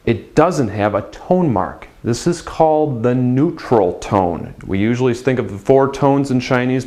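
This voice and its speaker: A man teaching a beginner language lesson, patiently explaining and repeating phrases slowly for practice. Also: mid-range voice, darkish tone.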